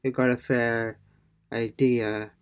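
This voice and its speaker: Man, online language tutor, unhurried delivery, halting explanations, mid-pitched voice. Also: little pitch movement, clear, resonant tone. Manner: halting, many fillers and restarts, explains by reading from notes. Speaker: Spanish teacher. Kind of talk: online pronunciation lesson.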